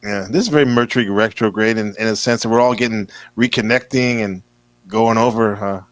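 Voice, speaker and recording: A man hosting a casual online panel, relaxed and often chiming in to affirm the others. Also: on the low side, brisk, dry recording, rough recording. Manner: relaxed, frequent affirming interjections. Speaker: panel host. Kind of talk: casual chat.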